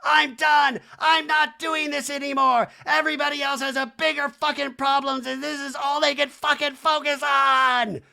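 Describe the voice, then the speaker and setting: A podcaster voicing a furious, sobbing middle-aged woman in a loud, swearing tirade. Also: little pitch movement, moderate pace, vocal fry, hardly any pauses, full character voice. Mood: screaming. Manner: shrill screaming tirade, swearing.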